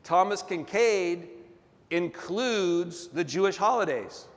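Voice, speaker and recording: Male pastor, high voice, emphatic call-and-response sermon, long hall reverb. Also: animated, slow.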